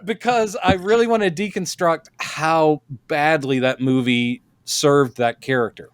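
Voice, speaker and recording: A man hosting a casual podcast chat, opinionated and animated as he tells stories, on a close podcast mic. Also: fairly high pitch, measured pace, clean tone, no room sound. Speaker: podcast host.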